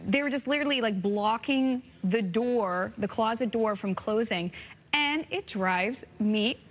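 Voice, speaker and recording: A woman's voice: on the high side, lively intonation, a little slow. A woman hosting a morning TV chat, friendly and a little hesitant with small restarts. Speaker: TV morning host. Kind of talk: casual chat.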